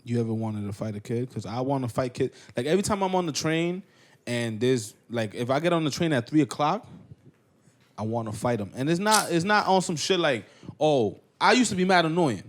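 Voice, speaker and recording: A man's voice: medium pitch, lively intonation, brisk. A man hosting a podcast, chatting casually with blunt, teasing jokes. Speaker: podcast host.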